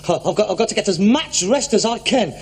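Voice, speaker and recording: A melodramatic son convinced he is dying in a 1960s TV comedy. His voice sits high and turns indignant and theatrical, with a faint hiss of an old TV soundtrack behind it. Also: expressive, fast, a little mellow. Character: melodramatic hypochondriac adult son. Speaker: actor in a sitcom. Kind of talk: 1960s sitcom acting.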